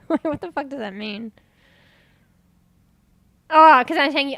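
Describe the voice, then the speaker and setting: A woman's voice: sits high, expressive, takes it slowly, long pauses, fairly bright tone, no echo. A woman, chatting casually and rambling while streaming, swearing offhand and sounding congested.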